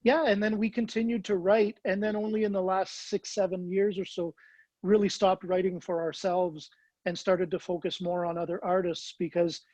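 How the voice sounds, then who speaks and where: A songwriter guest in a casual interview, this man has a high, level voice with a darkish tone at a moderate pace, recorded dry. His Canadian accent carries an American tinge, and he rambles, restarting his sentences often.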